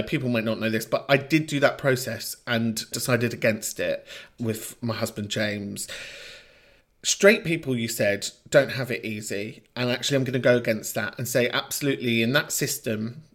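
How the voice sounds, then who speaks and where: A man's voice: medium pitch, normal speed. A man hosting a podcast in a chatty, sweary way, with playful mock outrage. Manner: chatty and animated. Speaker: podcast host. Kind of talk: casual monologue, reading listener messages.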